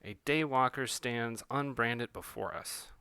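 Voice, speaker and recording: A man's voice: medium pitch, a little slow, pushed and bright, clean tone, no room sound. A man voicing a stern female religious enforcer, solemn and scriptural, speaking as if citing doctrine.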